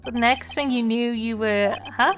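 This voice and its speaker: A woman's voice: fairly high pitch, steady tone, a little slow, over music, close to an everyday voice. A woman voicing a composed young male prosecutor who questions people in a cool, sardonic way. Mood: questioning.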